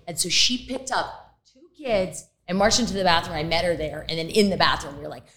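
A middle-aged woman speaking as a podcast guest in casual chat, candid and quick to swear. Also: fairly low pitch. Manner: candid, profane and animated.

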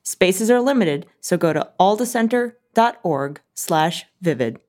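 A woman co-host reading a promotional announcement in a clear, even way. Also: lowish voice, a little slow, very noisy. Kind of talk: read announcement.

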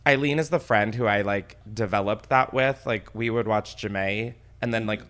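A man hosting a podcast, telling rambling, self-mocking stories in a casual comedic way and swearing freely. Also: normal speed. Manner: animated, swings into high excited tones. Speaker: podcast host.

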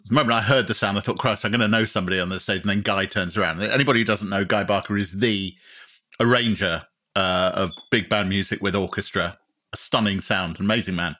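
A man's voice: fairly low pitch, steady tone, quick pace, sharp tone. A man hosting a podcast, interviewing his guest in enthusiastic, conversational chat. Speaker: podcast host.

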